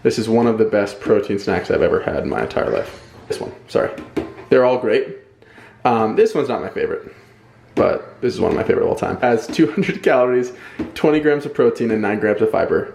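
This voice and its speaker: Dad filming at home, chatty with sing-song baby talk, roomy echo. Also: male voice, fairly low pitch, expressive, a little fast, vocal fry, a little mellow, slight background noise. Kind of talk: casual home video chat.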